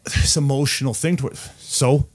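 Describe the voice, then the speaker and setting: A man co-hosting a casual podcast, blunt and animated, swearing heavily as he rants. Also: mid-range voice, normal speed, breathy edge. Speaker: podcast co-host.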